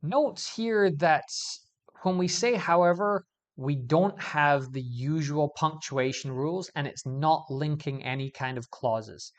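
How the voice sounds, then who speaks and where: A man teaching English grammar in a video lesson, explaining clearly and stressing key words as he goes. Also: fairly high pitch, slow.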